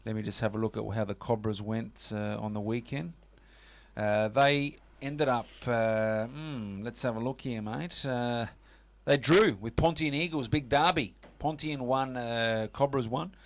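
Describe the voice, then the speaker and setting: A man with an Australian accent hosts a casual sports radio show in a mid-range voice at a measured pace. He's chatty, packing his talk with fillers and "mate".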